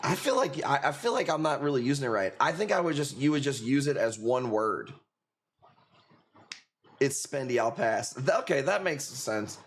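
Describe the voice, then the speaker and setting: A man's voice: mid-range voice, expressive, normal speed. A man with a Chicago accent hosting a live coral-sale stream, chatting casually, swearing and laughing often. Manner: laid-back, profane, laughing often. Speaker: livestream host selling corals. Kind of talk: casual livestream chat.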